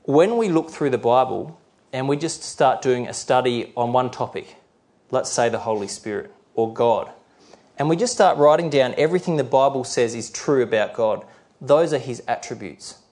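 A middle-aged man preaching a sermon, explaining his points in a plain, teaching way and reading scripture verses slowly and carefully. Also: mid-range voice, animated, a little mellow. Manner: explanatory, with fillers and restarts.

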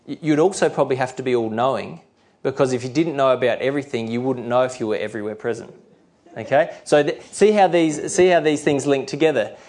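Measured middle-aged male preacher. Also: medium pitch, a little mellow. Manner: slow, careful reading of scripture verses; explanatory, with fillers and restarts. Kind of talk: sermon.

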